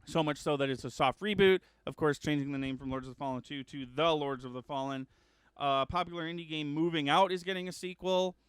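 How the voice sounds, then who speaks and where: A man hosting a gaming news show in a loose, rambling way, full of ums, uhs and quick self-corrections. His slightly high voice is smooth and clear, recorded close and dry with no room sound. He sounds eager about the games he covers. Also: no room sound. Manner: excitable about upcoming games. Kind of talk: casual news chat.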